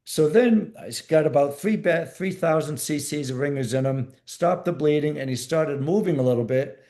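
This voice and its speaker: Male guest, ex-military medic, warm mellow tone, plain-spoken storyteller who repeats himself. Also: on the high side, moderate pace. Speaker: podcast guest, former Navy SEAL medic. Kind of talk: storytelling interview.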